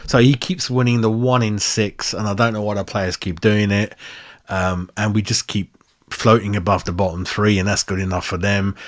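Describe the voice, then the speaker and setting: A man's voice: lowish voice, fairly even intonation, brisk, no room sound. Guy on a live fan stream, fed up, says mate every line, dead dry mic. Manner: exasperated, keeps saying mate. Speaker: fan channel host. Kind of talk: live stream match reaction.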